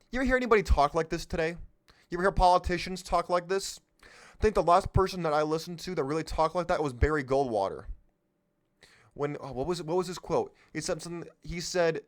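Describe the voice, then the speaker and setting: Speaking a little fast with lively intonation, a man with a slightly high voice hosts a political show. His unscripted monologue is forceful, peppered with rhetorical questions, and he occasionally drifts off track mid-thought.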